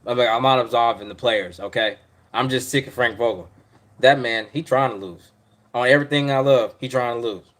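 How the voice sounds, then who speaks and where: A man's voice: mid-range voice, fairly quick, fairly bright tone. A man hosting a live podcast stream, ranting about his team's coach in a rambling, exasperated way, repeating himself and trailing off. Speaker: podcast host.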